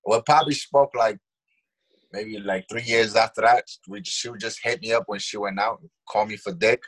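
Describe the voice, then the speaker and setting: A man's voice: lowish voice, fairly even intonation, moderate pace, fairly bright tone, breathy edge. A man with a New York accent telling blunt, profane stories as a podcast co-host in casual chat.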